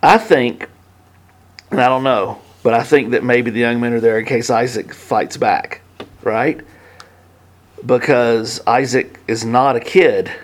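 Fifty-ish guy preaching, chatty and halting, drops quiet then gets loud. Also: mid-range voice, fairly even intonation. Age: 50s. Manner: conversational, halting with many restarts, swings between hushed and emphatic. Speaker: pastor. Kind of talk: sermon.

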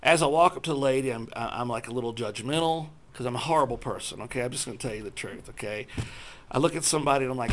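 A man telling a self-deprecating personal testimony to a church group, acting out his own thoughts in lively voices. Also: medium pitch, fast, slight background noise. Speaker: speaker sharing a personal testimony.

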